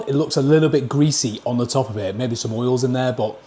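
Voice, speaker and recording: Northern English man, mid-pitched, blunt casual food reviewer, talks between bites. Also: a little fast, dark tone. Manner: blunt, plain-spoken, scores each dish out of ten.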